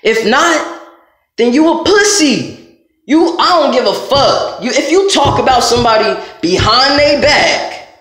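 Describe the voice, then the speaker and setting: A very high-pitched man goes off in a blunt, profanity-laced rant straight to camera. His voice bounces around a strongly echoing room. He sounds confrontational and fed up, and he speaks his mind without holding anything back. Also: a bit bright. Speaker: vlogger. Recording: very echoey room.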